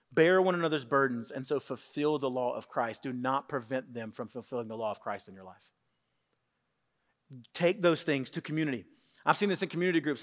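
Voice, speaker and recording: A man in his thirties preaching a sermon, animated, acting out quotes with shifts in voice. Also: on the high side. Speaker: pastor. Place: church sanctuary with congregation. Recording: long hall reverb.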